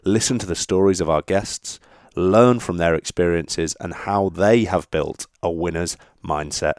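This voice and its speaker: Deep-voiced man hosting a podcast. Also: measured pace, a little mellow, no room sound, clean studio sound. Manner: friendly, jokey banter. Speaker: podcast host. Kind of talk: casual interview chat.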